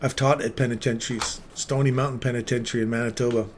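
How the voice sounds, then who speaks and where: A man's voice: mid-range voice, little pitch movement, quick pace, slight background noise. A man hosting a live trading stream, chatting with viewers by name and commenting on the charts in a casual, upbeat way. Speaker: trading livestream host.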